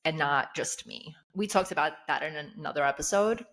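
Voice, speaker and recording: A woman in her thirties co-hosts a casual podcast chat, her first language Russian. Her voice sits a little low. She talks candidly, often laughing and acting out her own asides. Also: normal speed, a bit bright. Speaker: podcast co-host.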